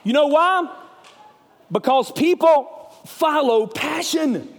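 A man preaching a sermon as an evangelist, with a Southern US accent, telling stories with passion and swinging from loud to hushed. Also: very high voice, expressive, takes it slowly, long reverb tail, slight background noise.

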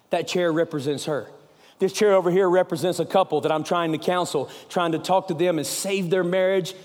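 A man preaching a sermon as an evangelist, with a Southern US accent, telling stories with passion and swinging from loud to hushed. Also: fairly high pitch, big-room sound.

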